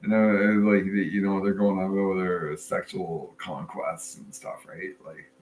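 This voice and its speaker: A man in a crude casual chat, telling a slow, halting story full of fillers and restarts. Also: low voice, flat delivery, a little mellow. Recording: echoey room with faint noise.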